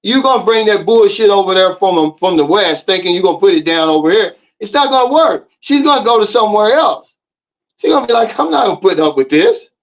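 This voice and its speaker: This American vlogger speaks briskly in a voice pitched high for a man, preaching emphatic advice at his audience in a casual monologue. The recording is somewhat dull and lo-fi.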